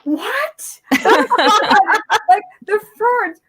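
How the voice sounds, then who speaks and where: A young adult woman co-hosting a podcast, telling stories in a lively casual chat and laughing often. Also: high-pitched, a little slow, rough recording. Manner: animated storyteller, laughs often. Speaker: podcast co-host.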